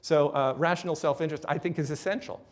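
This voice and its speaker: A man giving a conference talk as a business speaker. He keeps it conversational and lively, checks in with the audience and acts out little quoted voices. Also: fairly high pitch, quick pace. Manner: acts out quoted voices and laughs at his own examples.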